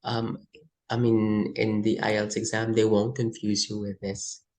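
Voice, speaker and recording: A woman runs a vocabulary lesson for test prep. She speaks slowly and deliberately, reading out word pairs and adding quick Tagalog asides. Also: very deep voice, flat delivery, a little mellow, low-quality recording. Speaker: English test coach.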